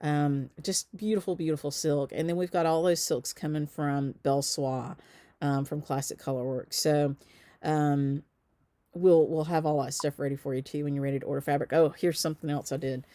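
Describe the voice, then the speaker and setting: Speaking at normal speed in a low, warm voice with fairly even intonation, a Southern-born woman runs a shop and chats on a live stream. Her accent is light, softened by travel, and she stays upbeat with frequent ums and small laughs. There is no room sound.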